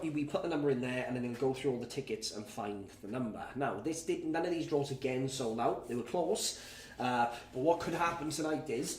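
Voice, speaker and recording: A man's voice: mid-range voice, darkish tone. A tired man hosts a live prize draw in casual, rambling chat and swears freely. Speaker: competition host running a live prize draw. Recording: echoey room with faint background noise.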